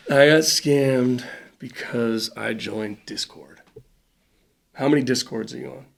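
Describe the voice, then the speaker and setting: A man, a podcast guest, telling a story in a casual, animated way, with quick bursts of speech and lots of fillers. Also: medium pitch, gravelly. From Cayman Islands.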